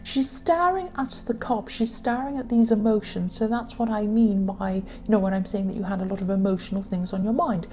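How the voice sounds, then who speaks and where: A woman giving a tarot reading to her viewers, talking in a halting way with many fillers and self-corrections. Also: medium pitch, mellow, a little hiss or hum. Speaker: tarot reader.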